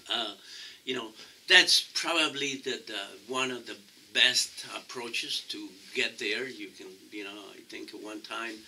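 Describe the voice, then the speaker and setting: A man with a non-native English accent answering interview questions as a political candidate, halting and restarting often. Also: mid-range voice, sharp tone, recorded from a distance, slight background noise, poor audio. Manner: halting, many restarts and fillers. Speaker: council candidate.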